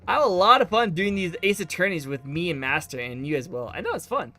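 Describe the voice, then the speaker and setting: A man live-streaming a courtroom game, chatting excitably with his voice getting tired. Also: high voice, fast, soft background music. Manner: excitable, exclaiming.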